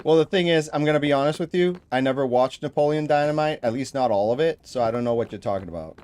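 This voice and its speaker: A man's voice: medium pitch, quick pace, darkish tone. Blunt New man, casual stream chat. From New England. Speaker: livestream co-host.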